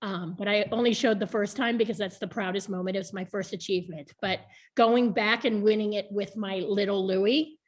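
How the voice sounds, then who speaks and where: Her voice is medium in pitch, steady in tone and fairly quick. She's a woman in her thirties, a board member being interviewed, and during this easygoing video chat she opens up about her past with frequent laughter.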